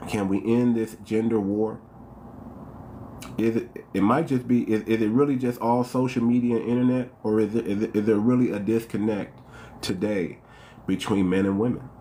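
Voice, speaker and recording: A man's voice: lowish voice, steady tone, moderate pace, warm tone, a little hiss or hum. A man from the United States hosting a casual livestream, talking straight to his viewers, repeating phrases and firing off one rhetorical question after another. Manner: calls out to viewers by name. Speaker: livestream host.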